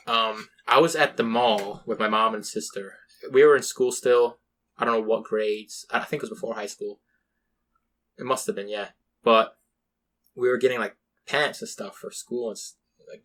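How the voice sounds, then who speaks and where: A man's voice: medium pitch, fairly even intonation, normal speed, a bit bright. A young man hosting a podcast, telling rambling, laid-back stories in a casual chat. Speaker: podcast host.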